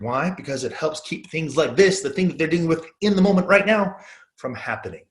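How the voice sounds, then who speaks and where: A man's voice: fairly high pitch, animated, a little fast. A middle-aged man giving a sales training talk, earnest and motivational, repeating his key phrases.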